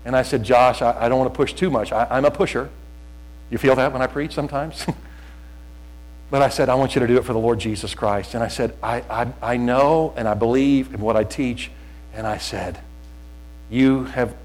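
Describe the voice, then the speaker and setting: A middle-aged male pastor preaching like he's telling stories to friends, with jokes sprinkled in. His voice sits at an ordinary pitch and swings from quiet asides to loud, rallying calls. A faint mains hum runs underneath. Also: rough recording. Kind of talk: sermon.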